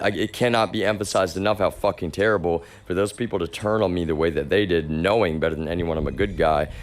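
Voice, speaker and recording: Low-voiced man ranting at his stream. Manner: agitated, repetitive, swears often, calls listeners y'all. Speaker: livestreamer. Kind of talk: ranting monologue to a live chat.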